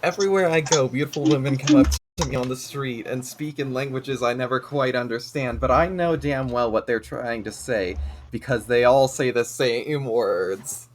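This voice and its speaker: A man's voice: mid-range voice, moderate pace. A man streaming a game in casual chat who laughs often and stumbles over his words while correcting himself. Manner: rambling, corrects himself mid-sentence.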